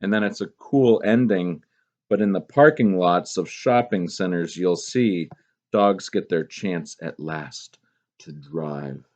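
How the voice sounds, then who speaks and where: A male teacher giving a casual classroom lesson, chatting with many "um"s and "okay?"s and reading poems aloud with expressive emphasis. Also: sits low, slow pace. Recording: dull lo-fi recording.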